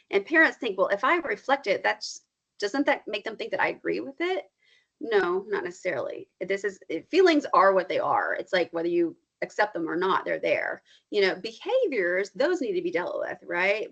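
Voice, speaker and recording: A woman counselor talking casually on a podcast, animated and explaining, often leaping up in pitch to act out what she quotes. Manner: animated, acts out quoted feelings with big pitch jumps. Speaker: counselor guest. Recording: slightly dull lo-fi sound.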